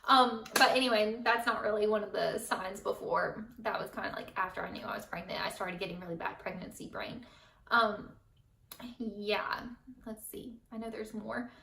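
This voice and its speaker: A woman's voice: mid-range voice, steady tone, normal speed, vocal fry, fairly bright tone, far from the mic, a little hiss or hum. A young woman, a mother, chatting casually to camera in a rambling way, with many fillers and small laughs. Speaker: vlogger, mother. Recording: echoey room, voice set back from mic.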